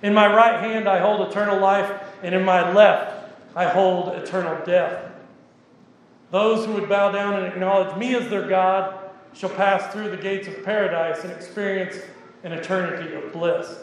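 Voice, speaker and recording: Commanding fallen angel, read by a male preacher: slow, grand, in a reverberant church. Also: high voice, fairly even intonation. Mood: proclaiming. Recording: echoey church hall with reverb.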